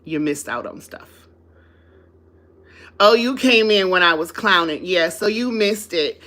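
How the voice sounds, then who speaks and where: A woman's voice: on the low side, lively intonation, measured pace, bright, forceful tone. A woman hosting a casual live stream, chatting with viewers, laughing often and sounding drowsy after a meal. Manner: sleepy after eating.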